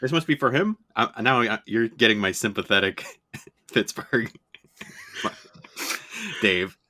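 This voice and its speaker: A man's voice: mid-range voice, big pitch swings, slow, sharp tone. A man playing a tabletop role-playing game, speaking in character with a hesitant, rambling delivery full of fillers. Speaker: player. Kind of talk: in-character improv role-play.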